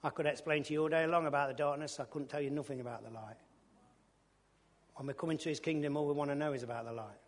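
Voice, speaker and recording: A man's voice: fairly high pitch, fairly even intonation, quick pace. Man preaching his testimony in a reverberant hall. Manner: colloquial storytelling, bursts of loud enthusiasm. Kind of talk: testimony sermon.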